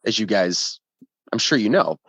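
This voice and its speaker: A man who plays in a ska band, a guest in a casual podcast interview, telling an animated story that is often profane. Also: lowish voice, normal speed, breathy edge, no echo. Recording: dull lo-fi sound, dry.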